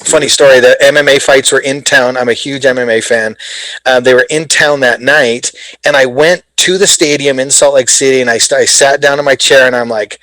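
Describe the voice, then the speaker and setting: Man, 40s, from Canada, interview guest. Mid-pitched, lively storyteller who acts out dialogue. Dry, close sound. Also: moderate pace, no echo, rough recording. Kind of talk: casual storytelling.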